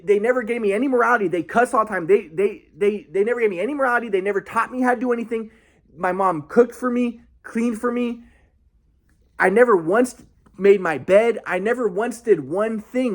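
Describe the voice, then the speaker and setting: A man's voice: high-pitched, fairly quick. A young man telling a rambling personal story in a casual monologue, with many restarts and quoted asides.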